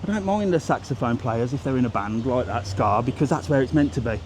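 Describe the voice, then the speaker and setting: A man's voice: medium pitch, lively intonation, fairly quick, a little mellow, a little hiss or hum. A blunt, sweary man, chatting casually as he walks a seaside street for his travel vlog, filmed on a handheld phone. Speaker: travel vlogger. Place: outdoors on a windy seaside street.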